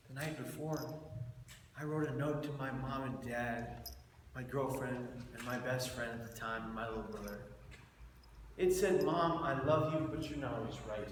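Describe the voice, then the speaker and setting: A man's voice: normal speed, a little hiss or hum. Man telling his story in an echoey hall. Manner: animated storyteller, acts out quotes with big jumps in loudness and pitch. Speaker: keynote speaker. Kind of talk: personal story told to an audience. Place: large event hall with an audience. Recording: far from the mic in a very echoey hall.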